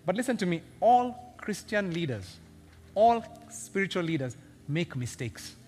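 A man preaching a sermon, animated and joking as he teases his congregation. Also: sits high, unhurried, soft background music. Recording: long reverb of a big hall.

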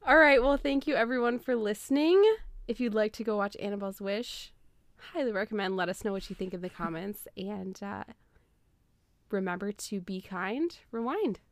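A young adult woman co-hosting a podcast, recapping a film in casual, animated storytelling. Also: mid-range voice, moderate pace, dry recording. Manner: animated storytelling, laughs often. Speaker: podcast co-host.

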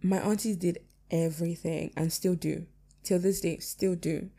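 A woman's voice: on the low side, steady tone, a little slow, vocal fry, warm tone. A young woman talking candidly about personal loss to her audience, reflective, with many fillers, her voice cracking near tears. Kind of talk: casual personal talk to camera.

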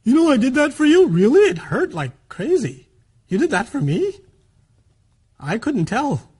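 A man's voice: sits high, wildly swooping pitch, takes it slowly, mellow, husky, voice pushed up, full character voice. A man acting out an exasperated spouse who complains sarcastically to their partner. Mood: sarcastic. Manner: sarcastic, aggrieved.

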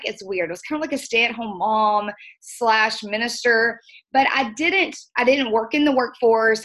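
A woman's voice: fairly high pitch, a bit bright. A middle-aged woman, a guest trainer speaking earnestly and emotionally in a folksy way. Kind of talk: motivational training talk.

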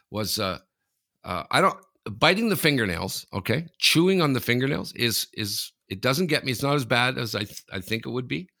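A man co-hosting a casual podcast over a remote line, rambling through stories, often laughing and jumping up in pitch. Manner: animated, laughing, rambling storyteller. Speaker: podcast co-host. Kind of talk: casual chat.

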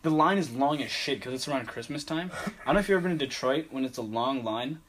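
A man's voice: mid-range voice, lively intonation, quick pace, a bit bright. A young man in casual chat, telling a story in a laid-back way, swearing and laughing often.

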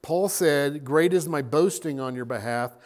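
A man preaching a sermon as a pastor, animated and acting out little scenes. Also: a little high, measured pace.

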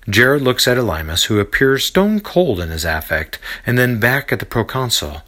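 A man narrating a scripted audio drama in a lively storytelling manner. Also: mid-range voice, moderate pace, hardly any pauses.

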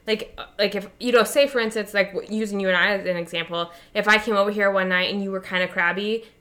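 A woman's voice: medium pitch, fairly even intonation, quick pace, pushed and bright. A young adult woman co-hosting a podcast, rambling and self-mocking in casual chat, laughing often. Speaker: podcast co-host.

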